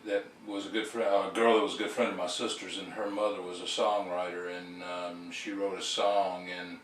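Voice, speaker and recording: A man's voice: low voice, level tone, normal speed, a bit bright, echoey room, distant mic, a little hiss or hum, rough recording. A man hosting a call-in talk show, rambling with many fillers and restarts. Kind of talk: casual talk-show monologue.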